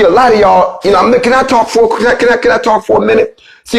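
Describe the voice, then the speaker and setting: A man delivering a fiery, profane monologue, swinging between loud outbursts and low, grave preaching. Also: gravelly. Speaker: movement leader giving a speech.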